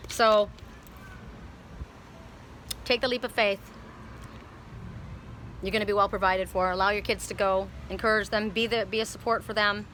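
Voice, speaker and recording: A woman's voice: mid-range voice, fairly even intonation, normal speed, long pauses, a bit bright, a little hiss or hum, rough recording. A woman giving a casual tarot reading outdoors near a street, emphatic and repeating herself. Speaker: tarot reader.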